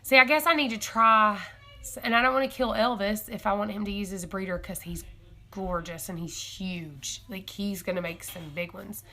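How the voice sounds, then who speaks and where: A young woman hosts a casual homesteading live stream, talking to her viewers in a bright, forward voice. She rambles and thinks aloud, correcting herself as she goes. She gets excited easily and laughs a lot. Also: mid-range voice, moderate pace. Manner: chatty and excitable, laughs often.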